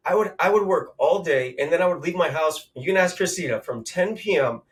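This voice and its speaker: A man's voice: on the high side, expressive, brisk, distant mic. A man in his thirties from Southern California, a podcast guest telling motivational stories in an emphatic, punchy way. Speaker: guest, real estate investor. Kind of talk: conversational storytelling.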